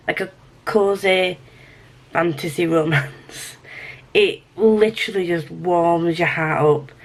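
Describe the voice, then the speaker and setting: Speaking at medium pitch, a woman vlogs casually about her current read. She's gushing and emotional, says things more than once, and now and then sinks to a whisper.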